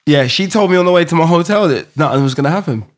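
Podcast co-host, man, slightly high voice that swings a lot, casual storytelling between laughs. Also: fast. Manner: lively storytelling, laughs often. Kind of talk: casual chat.

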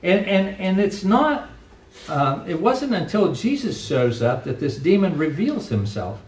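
A middle-aged pastor preaching a sermon with earnest, emphatic delivery, recorded from a distance in a church sanctuary. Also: male voice, high-pitched, big pitch swings, a little slow, a little mellow, slight background noise. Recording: echoey room, voice from a distance.

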